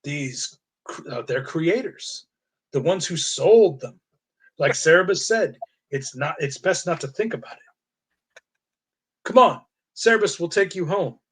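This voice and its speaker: Brief: man voicing tired aardvark guide, talks about himself in third person, husky and lively. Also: a little high, measured pace, long pauses. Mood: world-weary. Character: gruff male aardvark guide, world-weary.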